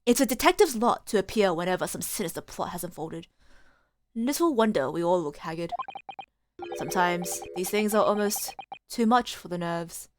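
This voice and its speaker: A woman's voice: lowish voice, expressive, moderate pace, voice pushed down, lightly acted. A woman putting on a grandiose male detective. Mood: weary. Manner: dramatic, grandiose. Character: theatrical male great detective.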